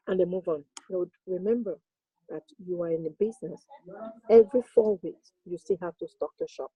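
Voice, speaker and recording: Low, husky, mellow-voiced woman. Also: no echo, poor audio. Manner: earnest, humble, a little halting. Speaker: team member on a call. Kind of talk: casual talk on a video call.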